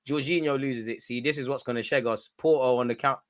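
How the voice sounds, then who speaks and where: A man's voice: mid-range voice, steady tone, fast talker, hardly any pauses. A man hosting a live football watch-along, chatting in slangy banter, reacting to the play and often breaking into laughter. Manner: reacts loudly to goals and chances.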